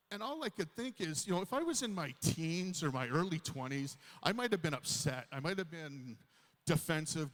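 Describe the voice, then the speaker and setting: A man's voice: on the high side, a bit bright. Self-mocking comedian in his fifties, hall echo. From Canada. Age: 50s. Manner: self-deprecating storytelling to a crowd. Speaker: stand-up comedian. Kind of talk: stand-up comedy set. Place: large hall on stage. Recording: live hall reverb.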